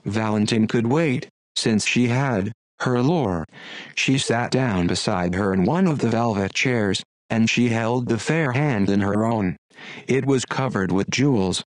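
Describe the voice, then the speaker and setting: A computer-generated male voice reading a classic story aloud, delivering narration and dialogue in the same even, machine-like way. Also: fairly low pitch, no room sound. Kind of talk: text-to-speech audiobook narration.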